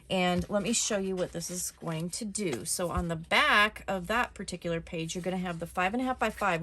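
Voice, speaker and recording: A woman hosting a casual step-by-step craft tutorial at her desk, talking in a chatty, relaxed way with frequent ums and small restarts. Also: fairly low pitch, a little hiss or hum.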